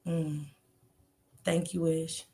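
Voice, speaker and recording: Low-voiced and level in tone, this female livestream host draws out her words as she casually chats with viewers and reads their comments aloud. Her talk is slangy and salty, peppered with swearing and frequent laughter.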